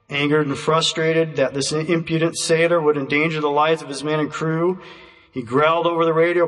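A man preaching a sermon, telling an illustration in a measured way and slowing to stress key words. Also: a little high, fairly even intonation, fairly bright tone. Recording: reverberant hall, voice from a distance.

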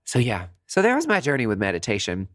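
A man hosting a podcast on his own, telling a story casually and with animation, swearing freely and jumping up in pitch to make a point. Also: fast talker, no room sound, studio quality. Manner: animated, chatty, swears freely, jumps high in pitch for emphasis. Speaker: podcast host.

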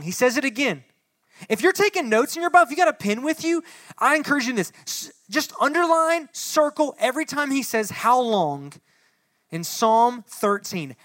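A man's voice: animated, normal speed, dry recording. Young male pastor, conversational sermon, dry close sound, dynamic delivery. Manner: shifts from soft and low to loud and impassioned when reading the psalm; addresses the room directly, conversational asides. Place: church hall before a congregation.

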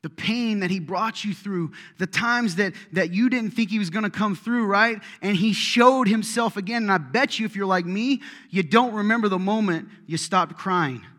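A man's voice: high voice, normal speed, few pauses, a bit bright. Conversational preacher man in a reverberant hall. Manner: conversational, joking, rising to emphatic preaching. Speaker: pastor. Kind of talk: sermon. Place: church sanctuary.

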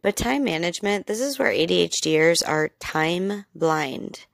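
A woman's voice: fairly low pitch, lively intonation, measured pace, gravelly, no echo. A woman hosting a podcast, explaining things in a candid, chatty, self-deprecating way. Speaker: podcast host. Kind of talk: casual educational podcast.

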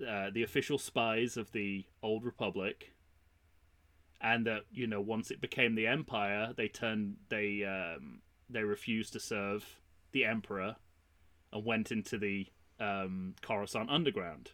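A man co-hosting a casual podcast, telling a story pitch with animated energy and acting out the lines. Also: a little slow. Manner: animated storyteller, acts out quotes. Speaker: podcast co-host.

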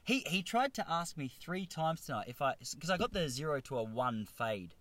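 An Australian man in his thirties rambles through a self-deprecating comedic story. His pitch leaps around as he talks, a bit above average, and the sound is dry and close. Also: big pitch swings, moderate pace, a bit bright, dry recording. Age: 30s. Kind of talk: comedic monologue.

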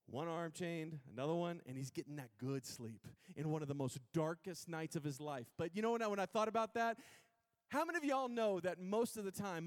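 Male pastor, slightly high voice, laid-back sermon delivery with big swings from soft to loud, prompts the congregation to repeat after him. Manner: swings between hushed intimacy and loud emphatic preaching; calls on the congregation to repeat words.

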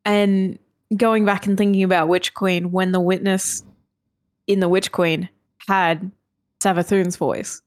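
Podcast co-host, female, mid pitch, animated and chatty, dry recording. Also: unhurried, no echo. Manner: animated, reacts with laughs and acted-out quotes. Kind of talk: casual chat about a video game.

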